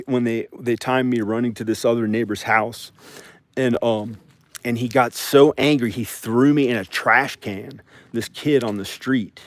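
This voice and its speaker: A man's voice: medium pitch, fairly even intonation, measured pace, dry recording. A man in his forties from the South, talking in a meandering casual vlog and often repeating himself and restarting. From American South. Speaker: vlogger. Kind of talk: rambling casual vlog monologue.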